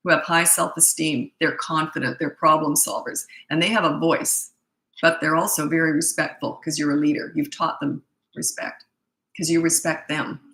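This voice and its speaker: A woman's voice: low voice, steady tone, normal speed, fairly bright tone, roomy sound, slight background noise, poor audio. A middle-aged woman coaching parents in a casual Q&A, blunt, emphatic and repetitive. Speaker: parenting coach answering viewer questions. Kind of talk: casual live Q&A.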